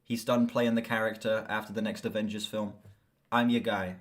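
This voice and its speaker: Sweary, excitable young man streaming. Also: lowish voice, moderate pace. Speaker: streamer and movie reviewer. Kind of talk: casual live-stream chat.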